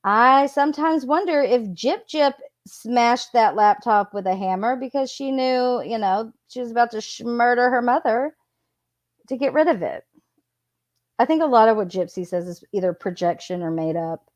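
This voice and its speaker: A woman's voice: a little high, moderate pace. A woman reading text messages aloud and breaking off into sarcastic, mocking commentary. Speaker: YouTube commentator.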